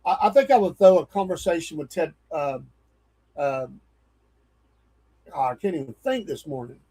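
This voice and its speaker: A man with a drawl and a fairly high speaking voice. He is plain-spoken and sure of his opinions, yet keeps an easygoing morning-show tone. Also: lively intonation, moderate pace, dark tone, breathy edge, rough recording. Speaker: radio show co-host. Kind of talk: casual morning show banter.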